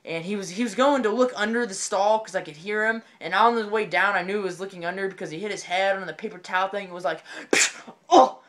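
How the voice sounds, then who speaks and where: A man telling a comedic story in an excitable, rambling way, often repeating his phrases. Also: high-pitched, fast, hardly any pauses.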